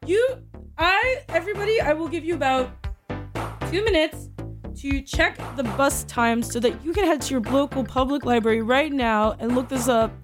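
A woman's voice: sits high, lively intonation, moderate pace, over music. A woman hosting a show, delivering a rambling, self-mocking comic monologue and often laughing through her lines. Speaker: show host. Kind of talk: comedic monologue.

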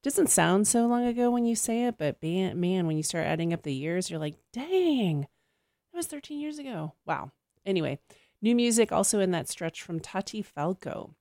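A woman's voice: on the low side, fairly quick, dark tone, dry recording, clean studio sound. A woman hosting a casual radio music show, chatting between tracks with fillers and self-corrections.

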